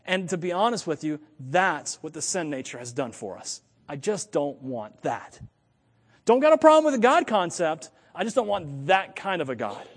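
An American man preaches with a high, lively voice, thinking out loud and often catching and correcting himself. His delivery is animated, and a long hall reverb trails every phrase. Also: normal speed, breathy edge. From United States. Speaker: pastor. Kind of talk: sermon.

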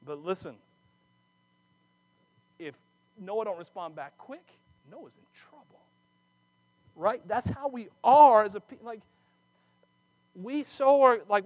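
Animated man preaching with jokey asides. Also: sits high. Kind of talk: sermon with personal stories.

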